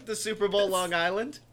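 A man's voice: sits high, fairly bright tone. A man co-hosting a comedy podcast, rambling and joking in casual chat. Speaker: podcast co-host.

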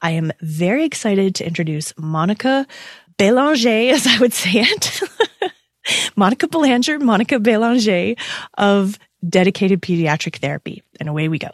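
A woman's voice: on the low side, normal speed, no echo, clean studio sound. Bubbly woman host. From Canada. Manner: bubbly, excitable, laughs often. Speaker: podcast host. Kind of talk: casual interview chat.

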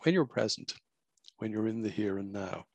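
A man gives a self-help podcast monologue, driving his points home with emphatic repetition. His voice rises and falls widely and carries a gravelly rasp. The sound is close and dry, with no room echo. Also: fairly low pitch, expressive, moderate pace, darkish tone, dull audio. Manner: emphatic, repetitive, preacherly teaching. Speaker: podcast host.

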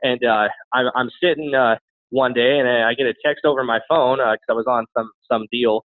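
A man candidly telling his own life story as an interview guest, talking rapidly with frequent restarts and repeated words. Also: mid-range voice, fairly even intonation, no room sound. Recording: tinny phone-like sound, dry.

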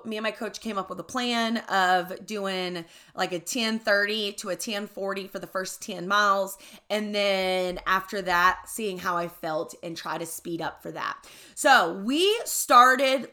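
A woman's voice: mid-range voice, bright, forceful tone. A young adult woman hosting a podcast, telling a candid story in casual talk, swearing freely and often asking "right?". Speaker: podcast host.

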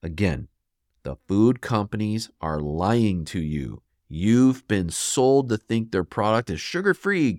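A man's voice: lowish voice, takes it slowly, dry recording, studio quality. Fired-up man ranting about food. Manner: emphatic, animated, scolding the listener; mimics listeners in quoted asides. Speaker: podcast host. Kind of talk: solo health podcast rant.

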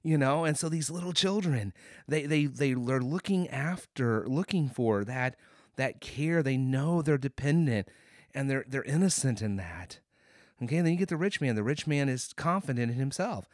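A man's voice: mid-range voice, normal speed, no echo. Male podcast host teaching a bible passage, voice swings up and down a lot, dry close sound. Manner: animated, acts out quoted lines, checks in with "okay?".

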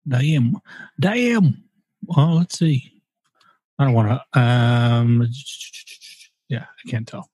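A man's voice: medium pitch, animated, drawn-out words, long pauses, dark tone, slightly rough, no room sound. A man co-hosting a podcast, joking around in casual chat and slipping into put-on accents. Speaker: podcast co-host. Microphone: studio microphone.

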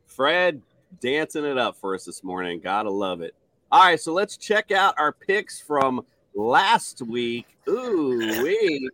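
A man's voice: mid-range voice, slow pace, no echo. A man hosting a sports picks show, reading stats and playfully calling on each panelist. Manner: animated, playful, reads stats then asks panel.

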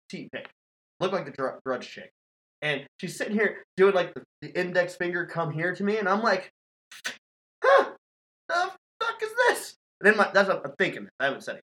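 A man's voice: sits high, big pitch swings, quick pace, fairly bright tone, low-quality recording. A man hosting a podcast, telling a scary story in casual, profane chat and laughing often. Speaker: podcast host.

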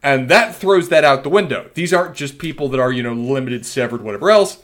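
A man's voice: mid-range voice, lively intonation, brisk, fairly bright tone. A man co-hosting a podcast, chatting casually and spinning playful, wordy theories. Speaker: podcast co-host. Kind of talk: casual recap chat.

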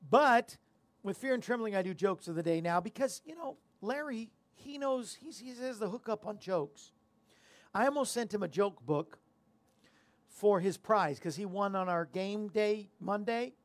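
A man's voice: high voice, expressive, measured pace, no echo. A man hosting a casual talk show, rambling and self-deprecating as he chats and tells corny jokes. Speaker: show host.

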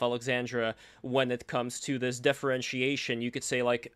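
A tired man moderating an online panel, calm and polite as he passes questions to guests. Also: medium pitch, clean tone.

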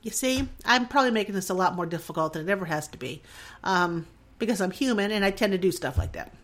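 A woman's voice: mid-range voice, animated, fast talker, fairly bright tone. A woman in her forties talks alone into her podcast mic. Her talk rambles, emotional and self-deprecating, and she keeps laughing at herself. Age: 40s. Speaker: podcast host. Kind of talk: solo podcast monologue. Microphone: desk mic in front of a screen.

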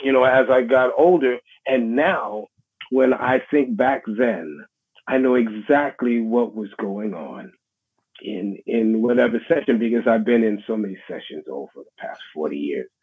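A middle-aged man with a New York accent, a musician being interviewed, speaking in a halting, reflective way with many restarts. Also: mid-range voice, animated. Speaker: guest musician. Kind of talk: casual interview conversation. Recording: husky voice over a tinny phone line.

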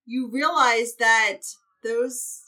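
A woman's voice: a little high, very slow, pushed and bright, distant mic. A woman guest on a podcast, giving earnest advice in casual chat and saying "like" often. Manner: earnest, uses 'like' often.

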